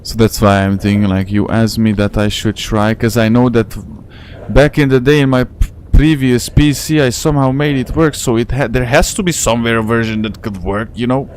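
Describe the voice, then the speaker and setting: A man's voice: medium pitch, fairly even intonation, normal speed, darkish tone, slight background noise. A man giving casual live commentary while streaming a game, chatty and rambling, with a non-native English accent. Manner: chatty, rambling, slangy, talks to chat. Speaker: gaming streamer.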